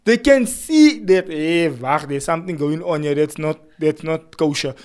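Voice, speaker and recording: A man's voice: fairly high pitch, normal speed. A man in casual chat who tells stories and acts out quarrels in different voices. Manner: animated storyteller, acts out quarrels.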